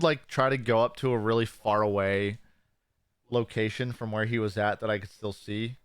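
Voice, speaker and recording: A young man co-hosting a casual podcast, swearing often and telling stories with animated quoted voices. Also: fairly low pitch, clean tone, dry recording. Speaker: podcast co-host.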